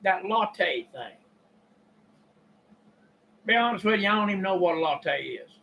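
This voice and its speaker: An older man with a Kentucky drawl tells a rambling, folksy story at an unhurried pace. His voice sits high and has a bright, forceful edge. He clears his throat now and then. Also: lively intonation, dull audio, a little hiss or hum. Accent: Southern US (Kentucky). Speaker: YouTube preacher and storyteller. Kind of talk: casual monologue.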